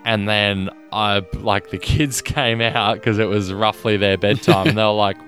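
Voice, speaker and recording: A man co-hosting a podcast, talking about a film in an earnest, halting way with many restarts. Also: lowish voice, fairly even intonation, fairly bright tone, faint music behind. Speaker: podcast co-host. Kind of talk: casual film discussion.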